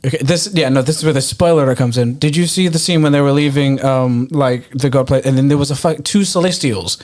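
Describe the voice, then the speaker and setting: A man's voice: medium pitch, a little fast, a little mellow. A man co-hosting a casual podcast chat who rambles through explanations, swears freely and laughs often. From New Zealand. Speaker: podcast co-host.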